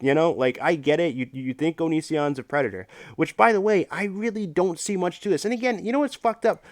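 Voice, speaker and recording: A man's voice: fairly high pitch, dry recording, studio quality. Profane, ranting livestream host, man. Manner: profane, rambling, fast-talking rant. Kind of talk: casual livestream chat.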